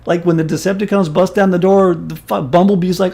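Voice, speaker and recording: A man in his forties, a stream host, telling a story in casual chat in an animated, profane and emphatic way. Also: high-pitched, brisk, gravelly, few pauses.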